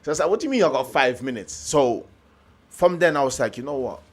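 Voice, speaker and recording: A man's voice: mid-range voice, fast talker. A young man from Germany, a motivational speaker telling his story in a casual interview, acting out the voices of people he quotes. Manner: animated storyteller, acts out quoted dialogue.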